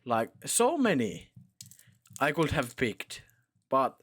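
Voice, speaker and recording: A man talks slowly and haltingly on a podcast, searching for words with many fillers. Now and then he slips in a deadpan joke. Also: medium pitch, breathy edge. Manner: hesitant, many fillers and restarts, dry jokes. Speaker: podcast co-host. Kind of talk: casual chat.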